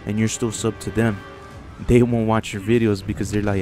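A man's voice: fairly low pitch, little pitch movement, normal speed, darkish tone, faint music behind. A young man in a blunt, profane casual rant to his viewers about online channels, getting heated as he talks. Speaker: YouTuber.

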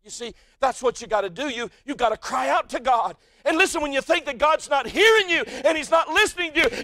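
With big pitch swings, a brisk pace, and few pauses, an American pastor with an unusually high voice preaches a sermon from a church sanctuary pulpit. He alternates gentle low asides with sudden shouted peaks. The sound is close-miked and dry, with almost no room echo.

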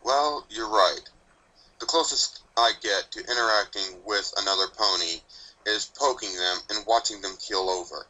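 A man's voice: fairly low pitch, unhurried, pushed and bright, heavily acted, poor audio. A man voicing a grumpy, ancient male Grim Reaper pony, speaking bluntly with dry sarcasm in a fan story reading. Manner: blunt, snappish, dryly sardonic.

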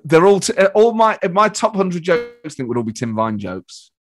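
In a casual chat, a British guest comedian recounts an anecdote with a voice on the high side and a moderate pace. He's a lively teller, acting out each quote and swearing freely as he goes.

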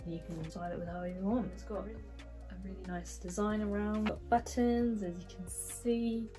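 A woman's voice: medium pitch, steady tone, normal speed, over music, poor audio. A young woman chatting casually through a clothing try-on haul vlog, with lots of fillers. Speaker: fashion vlogger.

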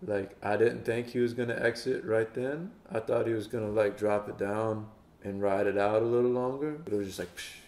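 A man's voice: on the low side, steady tone, moderate pace, a little mellow. A man hosting a music reaction video, chatting casually and playfully mock-quoting the singer. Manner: playful, mock-quotes the singer in put-on voices. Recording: roomy echo.

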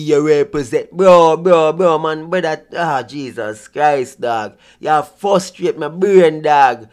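A man's voice: on the high side, takes it slowly, hardly any pauses, a little mellow, smooth. A man with a Jamaican accent, giving casual reaction commentary in an exasperated, mocking way. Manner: exasperated, mocking, patois-heavy. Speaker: vlogger reacting to clips.

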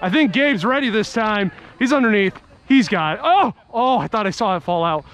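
A man vlogging his softball game outdoors, giving excitable, jokey play-by-play and cheering teammates on by nickname. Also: high-pitched, normal speed.

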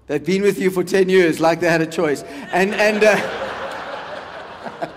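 South african guy in his 40s doing standup, pretty high voice, big echoey hall. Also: background noise. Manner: chatty, teasing the crowd, quick asides. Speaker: stand-up comedian. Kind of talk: stand-up comedy set. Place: large hall on stage. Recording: long hall reverb.

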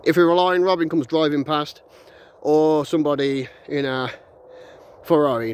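A man with a slightly high voice gives a blunt, rambling rant, tripping over restarts and chuckling as he goes. He records on a hand-held phone while walking outdoors in the countryside, with a faint hiss of outdoor noise behind him. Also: moderate pace. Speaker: vlogger. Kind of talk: casual ranting monologue.

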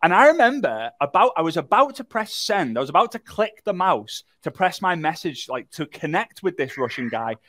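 A man presenting a live online workshop, telling a story in a lively, jokey way and talking to the chat. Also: a little high, normal speed, hardly any pauses, dry recording. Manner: animated, jokey storyteller who talks to the chat.

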